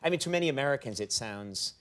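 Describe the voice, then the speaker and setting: A man's voice: mid-range voice, expressive, fast talker, fairly bright tone. A man hosting a talk show, joking, stammering through restarts and slipping into silly voices.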